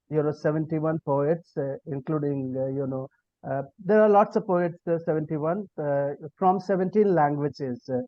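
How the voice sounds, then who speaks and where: A poet and professor speaks with an Indian English accent, his voice pitched a little high. He halts often with fillers, then reads with rising emphasis. The sound is dry and muffled, like a lo-fi video call. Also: no room sound. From India, Bihar. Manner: hesitant, many fillers, rising emphatic reading. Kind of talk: self-introduction and poetry reading on a video call. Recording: dull lo-fi video call audio.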